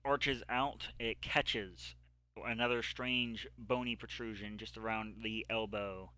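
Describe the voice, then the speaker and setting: A man's voice: fairly low pitch, fairly even intonation, slow pace, sharp tone, no room sound. A man running a tabletop game as game master, narrating the scene with frequent fillers.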